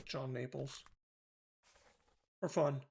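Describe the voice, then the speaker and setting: A man's voice: mid-range voice, fairly even intonation, extremely slow, creaky, a little mellow, slightly rough. A man streaming a mystery game, thinking aloud in loose, casual commentary with offhand swearing.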